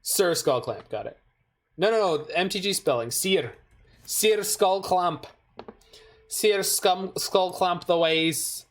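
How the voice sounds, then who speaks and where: A streamer talks through a card game match in a relaxed, unhurried way. The delivery is dry, with joking asides tossed to the chat. The pitch sits in an ordinary middle range. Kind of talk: casual gameplay commentary.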